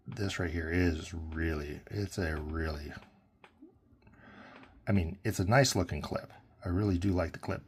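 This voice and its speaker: Low husky man reviewing a pen. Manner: relaxed, rambling with fillers and self-corrections. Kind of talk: casual product review.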